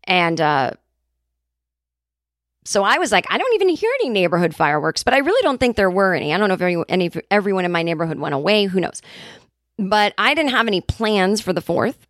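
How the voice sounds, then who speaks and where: A woman's voice: medium pitch, big pitch swings, quick pace, fairly bright tone, no echo. Woman, 40s, solo comedy podcast host; rambling, sarcastic, close and dry. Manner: rambling, self-interrupting, sarcastic.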